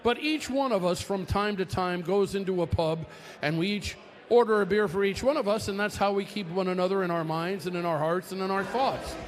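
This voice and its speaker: A man's voice: sits high, a little fast, big-room sound, close to an everyday voice. A man putting on a sly Irish pub drinker. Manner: put-on Irish brogue with "aye" and "me father".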